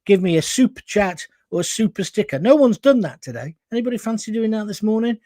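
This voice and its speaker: A high-pitched man hosts a ranting political livestream and talks straight to his audience. He is blunt and combative, and sounds dry and close with no room echo. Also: animated, fast talker, mellow. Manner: blunt, combative, addresses viewers directly. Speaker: livestream host.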